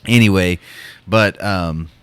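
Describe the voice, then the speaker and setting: A man's voice: low-pitched, takes it slowly, fairly bright tone, clean tone, dry recording. A man co-hosting a podcast, casually telling a story with many fillers and restarts. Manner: rambling, lots of fillers and restarts. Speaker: podcast co-host.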